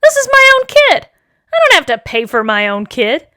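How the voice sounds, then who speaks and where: A woman reading a storybook aloud, voicing an exasperated but loving father who scolds in a lower, deliberate voice. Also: huge pitch swings, bright, forceful tone, clear, resonant tone, no echo, clean studio sound, heavily acted. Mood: stubborn.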